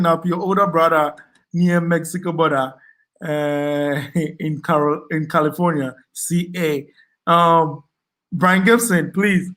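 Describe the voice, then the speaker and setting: This livestream host speaks with a Ghanaian accent and a voice pitched slightly above most men's. Going through the chat in a relaxed way, he thanks viewers individually, often stalling on ums and repeating his words.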